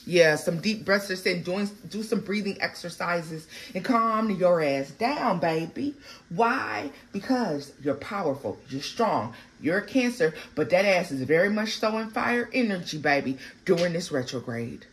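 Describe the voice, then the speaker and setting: A woman giving a casual, animated tarot reading, blunt and full of profanity. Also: lowish voice, measured pace. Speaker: tarot reader.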